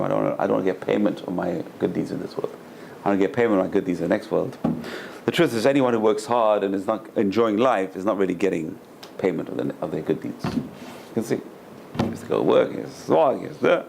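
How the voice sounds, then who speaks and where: Gravelly-voiced rabbi telling stories. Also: male voice, medium pitch, a little hiss or hum. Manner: animated storyteller, repeats phrases, acts out quoted voices. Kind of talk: Torah class lecture with storytelling.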